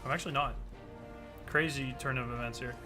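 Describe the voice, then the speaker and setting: A young man giving profane, excitable commentary while playing a game, trash-talking and bursting into yells. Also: mid-range voice, a little fast, music in the background. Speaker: gaming video creator. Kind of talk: live gameplay commentary.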